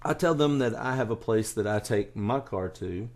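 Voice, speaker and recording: A man hosting a casual podcast, telling a story in quick, animated bursts full of fillers and restarts. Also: on the low side. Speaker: podcast host.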